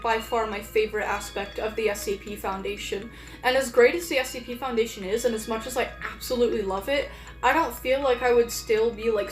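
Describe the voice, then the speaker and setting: A woman's voice: fairly high pitch, echoey room, poor audio. A woman streamer chatting casually and rambling, with lots of fillers and restarts. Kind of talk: casual live-stream chat.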